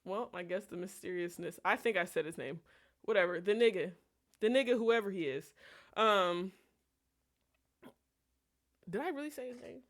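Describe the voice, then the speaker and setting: A woman streamer telling a personal story in a casual, animated, profane and digressive way. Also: mid-range voice, moderate pace, pauses often.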